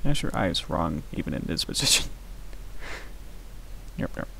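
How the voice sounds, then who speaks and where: A man with a monotone voice who chats softly with a live-stream audience while he animates, mumbling with many fillers. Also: sits low, moderate pace, creaky, very noisy. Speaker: animator streaming his work. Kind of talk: casual live-stream chat.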